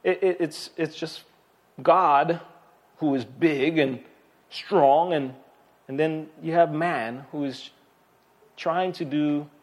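A man's voice: on the high side, fairly even intonation, takes it slowly, pauses often. A man preaching a Bible sermon in a conversational way, with frequent restarts and fillers. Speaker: pastor.

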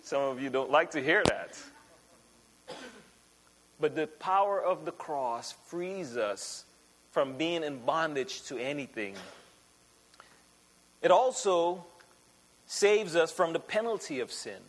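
A man's voice: a little high, expressive, takes it slowly, long pauses, slight background noise. A male pastor preaching a sermon in a conversational way, asking rhetorical questions and often restarting his sentences. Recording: long hall reverb.

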